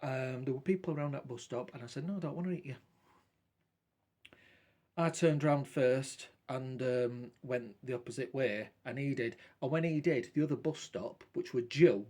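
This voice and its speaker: A man's voice: medium pitch, normal speed, darkish tone. A man telling a long rambling story in casual talk, quoting what he and others said. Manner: rambling, colloquial, repeats quoted dialogue with "I says". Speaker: vlogger.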